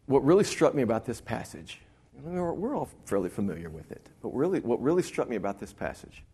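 A man's voice: medium pitch, big pitch swings, fast, mellow, breathy edge. A middle-aged man from the Texas Panhandle, a pastor preaching a sermon in a folksy storytelling way, now and then acting out other people's voices.

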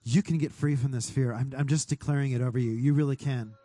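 A pastor leading a fervent prayer over his congregation, speaking directly to God and sometimes rising to a shout. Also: mid-range voice, steady tone, fast, no room sound. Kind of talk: sermon prayer.

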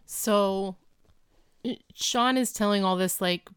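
Clear-voiced woman recapping chattily. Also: mid-range voice, slow, no room sound, studio quality. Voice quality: very clear and crisp. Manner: rambling and animated, full of filler words. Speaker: podcast co-host. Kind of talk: casual chat recapping a TV episode.

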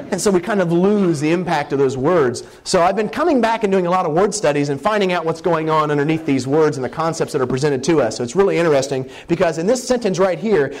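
A man delivers a sermon like a Bible study, speaking in a relaxed, conversational way. His voice sits a little high and swings widely in pitch as he animates his points. He slows down to lean on the words he wants to stress. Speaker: preacher.

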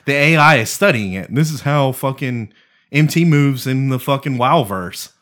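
Man, podcast co-host, casual chat, swears a lot, argues loudly. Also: medium pitch, moderate pace. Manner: profane, excitable, argues with emphasis.

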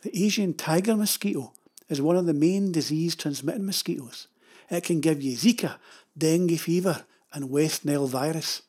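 A man's voice: fairly high pitch, mellow, breathy edge. An older man with a Scottish accent, telling rambling, wry stories about his travels. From Scotland. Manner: chatty, digressive, wry. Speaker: storyteller. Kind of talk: rambling anecdotal narration.

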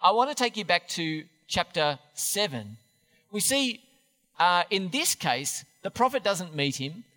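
A male preacher gives a sermon in a chatty, self-deprecating way. His voice is high and bright, and his pitch swings widely. Long reverb from the church hall trails behind him. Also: very animated, a little slow.

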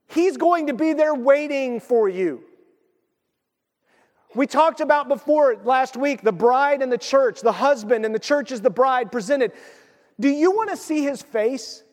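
Animated high-voiced male preacher, reverberant hall. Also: moderate pace. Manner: animated storytelling, acts out quoted voices. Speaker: pastor. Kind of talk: sermon.

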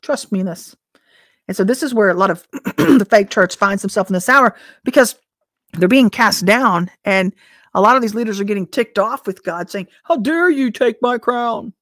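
A woman teacher and minister giving informal prophetic teaching in a conversational way, full of rhetorical questions and an occasional throat clearing. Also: medium pitch, moderate pace, no room sound, studio quality.

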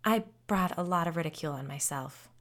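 A woman's voice: low-pitched, brisk, fairly bright tone. A woman voicing a friendly, self-deprecating grown woman who is frightened of something from her childhood, in a storybook reading. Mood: chatty. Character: nervous grown woman haunted since childhood.

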